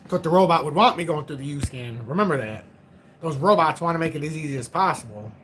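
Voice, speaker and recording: A man's voice: fairly high pitch, lively intonation, fast, a bit bright, slight background noise. A man in his forties hosting a crypto livestream, chatting casually in a rambling, joking, self-mocking way. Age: 40s.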